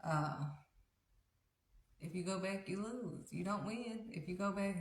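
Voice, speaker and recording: A woman's voice: medium pitch, unhurried, pauses often, a little hiss or hum. A woman hosting a faith livestream, preaching in an earnest, conversational, repetitive way. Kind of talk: casual devotional preaching. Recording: roomy echo.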